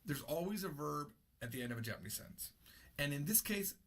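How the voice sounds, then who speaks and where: A man's voice: a little high, lively intonation, a little fast, a bit bright. A man teaching an unscripted language lesson, explaining patiently and repeating his key points. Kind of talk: unscripted classroom-style lesson.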